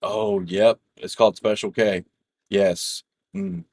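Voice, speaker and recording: A man's voice: on the low side, sing-song, slow pace, gravelly, darkish tone, no echo. A middle-aged man chatting casually over voice chat while gaming, telling stories in a rambling, profane way full of restarts. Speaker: gamer chatting with a friend.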